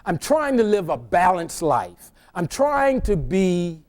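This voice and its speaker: A man's voice: high-pitched, sing-song, takes it slowly, darkish tone. A middle-aged male pastor preaching by telling a humorous personal story in a conversational way, often stammering and restarting his words.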